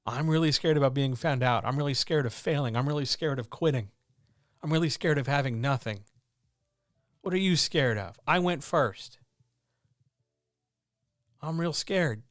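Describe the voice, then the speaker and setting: A man's voice: mid-range voice, moderate pace, long pauses, no room sound, clean studio sound. A man hosting a stream, giving a blunt, earnest, motivational talk into a microphone at home with his cats, swearing freely. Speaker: streamer host. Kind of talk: candid motivational monologue. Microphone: talking into a microphone.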